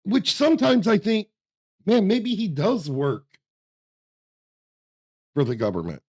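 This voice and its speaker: A man's voice: high-pitched, wildly swooping pitch, slow pace, a little mellow, slightly rough. A man co-hosting a casual podcast chat, talking in a blunt, folksy, emphatic way. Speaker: podcast co-host.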